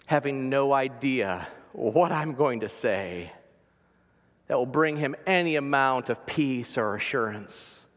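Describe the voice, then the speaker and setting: A man preaching a sermon as pastor, earnest, sometimes dropping to a soft near-whisper for emphasis. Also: medium pitch, slow, in a large hall.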